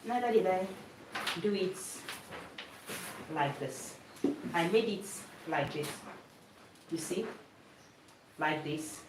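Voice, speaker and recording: A sewing instructor with a lowish, expressive voice gives a hands-on demonstration lesson on a mannequin, going slowly and pausing often. She's patient, repeats each step and keeps asking "did you see it?" The room is echoey, her voice is distant and there's background noise.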